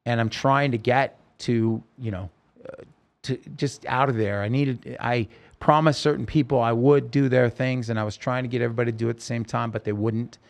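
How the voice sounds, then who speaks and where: A man as an interview guest, telling a personal story in halting speech with frequent restarts and self-corrections. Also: mid-range voice, fairly even intonation, creaky.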